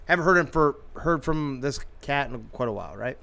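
A man in casual chat spins a long, crude anecdote, rambling and restarting as he goes. He laughs often and slips into quick impressions of the people he describes. His voice sits at an ordinary middle pitch. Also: animated, gravelly, pushed and bright. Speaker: storyteller in group chat.

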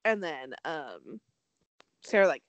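Brief: young female podcast host, lively pitch, dry close sound, chatty and sarcastic. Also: slow, no echo, lo-fi sound. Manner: chatty, heavy use of "like", swearing, sarcastic. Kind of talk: casual recap chat.

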